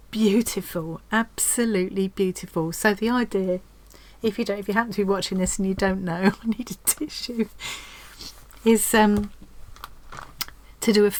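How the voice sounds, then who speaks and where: A woman vlogger chatting casually at home as she opens a craft swap parcel, gushing and excitable, with frequent restarts. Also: mid-range voice, moderate pace, low-quality recording. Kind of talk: casual unboxing chat.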